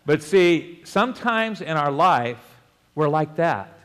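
A man preaching a sermon in a conversational way, with joking asides and chuckles and slow, deliberate scripture reading. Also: fairly high pitch, animated, fairly bright tone, long reverb tail. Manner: reads scripture slowly and deliberately. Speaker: pastor.

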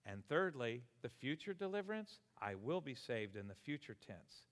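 Older guy pastor in his 60s preaching, animated, chuckles a lot, big echoey church hall. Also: medium pitch, normal speed. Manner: animated, exclamatory, chuckles between points. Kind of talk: sermon. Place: church sanctuary. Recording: long hall reverb.

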